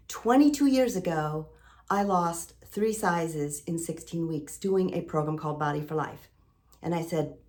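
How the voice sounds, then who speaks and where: A middle-aged lifestyle vlogger delivers a heartfelt motivational monologue in a lowish, a little mellow voice, speaking a little slowly. Earnest and emotional, she repeats phrases for emphasis and fills her talk with sailing metaphors.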